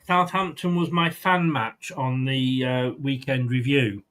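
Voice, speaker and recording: A man's voice: mid-range voice, steady tone, a little slow, a bit bright. A man hosting a football prediction show, chatting casually and rambling with frequent ums and restarts. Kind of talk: casual chat.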